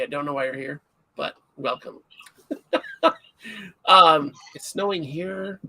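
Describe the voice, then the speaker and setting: A middle-aged man hosts a livestream in casual chat and tells stories with animated, self-mocking energy. His voice sits a little high and sounds bright and forceful, with a gravelly rasp running through it. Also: slow. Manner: animated storyteller, self-mocking, acts out shouts. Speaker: livestream host.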